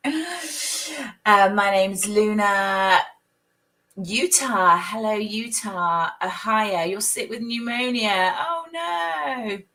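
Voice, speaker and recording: A woman with a croaky voice from a coming cold, hosting a live stream as a psychic and chatting casually, greeting viewers by name and laughing often. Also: medium pitch, animated, extremely slow, pushed and bright. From United Kingdom.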